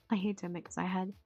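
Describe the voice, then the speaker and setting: Husky young woman rambling on stream. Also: fairly low pitch. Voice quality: husky, gravelly. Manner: rambling, swears casually, many fillers. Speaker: voice actor streamer. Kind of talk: casual stream chat. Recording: dull lo-fi stream audio with faint music.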